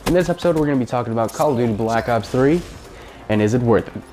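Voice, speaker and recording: A man's voice: medium pitch, animated, rapid-fire, darkish tone, soft background music. Chatty man reviewing a video game. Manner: chatty and rambling, with fillers and casual swearing. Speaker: gaming channel host. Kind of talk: casual game review talk.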